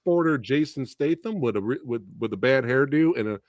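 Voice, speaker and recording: A man hosting a casual movie discussion show, excitable and laughing often as he talks. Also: mid-range voice, brisk, no room sound. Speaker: podcast host.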